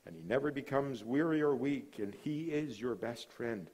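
A missionary guest speaker preaches a sermon in a medium-pitched, slightly rough voice at a moderate pace with few pauses. He builds dramatically to proclaimed lines, then drops suddenly almost to a hush. Between the big statements he tells stories in a relaxed, conversational way with casual asides.

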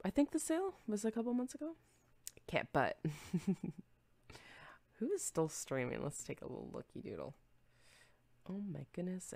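A woman's voice: lowish voice, very animated, a little slow, vocal fry, long pauses, darkish tone, no echo. A young woman streamer chatting casually and rambling with her viewers, easily distracted and giggling often. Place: home room.

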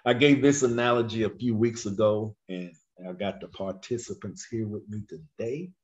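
A man teaching a Bible class, questioning his students and drawling key phrases slowly for emphasis. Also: fairly low pitch. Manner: animated, questions the class and waits for answers. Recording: dull lo-fi recording.

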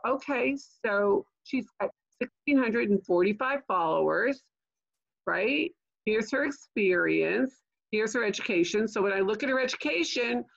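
Chatty older woman with a gravelly voice. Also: fairly high pitch, lo-fi sound. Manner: chatty, keeps asking "okay?" and "right?"; jokey asides. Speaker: LinkedIn trainer. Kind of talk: online training webinar. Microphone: video call.

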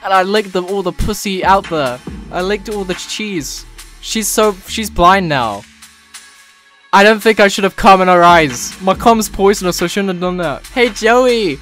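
A man's voice: high voice, measured pace, fairly bright tone, faint music behind. A man voicing a crude, swaggering young lad in a parody fan dub of a cartoon. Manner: crude, boastful, slangy.

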